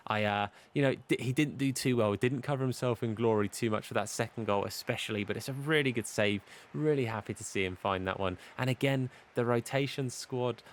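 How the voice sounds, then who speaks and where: A young man giving casual play-by-play commentary on his football video game, chatty and commentator-like, with hiccups. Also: lowish voice. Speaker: gaming YouTuber.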